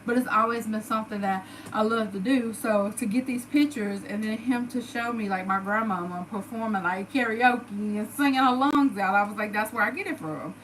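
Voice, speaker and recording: A woman's voice: on the high side, moderate pace, few pauses, a bit bright, rough recording. Southern woman vlogger, chatty and emotional, casual storytelling, faint background hiss. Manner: chatty, emotional, lots of "like" fillers.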